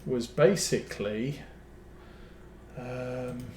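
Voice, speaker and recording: Man, game streamer, slow meandering chat, lots of ums, echoey room. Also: medium pitch, a little mellow, slight background noise. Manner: rambling anecdotes with many ums. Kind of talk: casual chat while playing a farming game. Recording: roomy echo.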